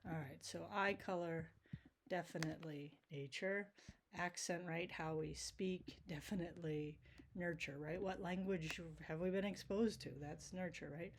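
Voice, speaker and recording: Casual teacher, keeps asking "right?". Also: female voice, lowish voice, fairly even intonation, measured pace, noisy background. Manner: casual, checks in with frequent "right?". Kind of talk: recorded video lecture.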